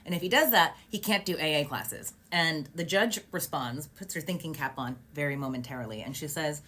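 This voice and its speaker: A woman with a fairly low voice tells a story in lively vlog style. She sounds animated and indignant, with quick sarcastic asides between the details. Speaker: vlogger recounting a court case. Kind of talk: storytime narration.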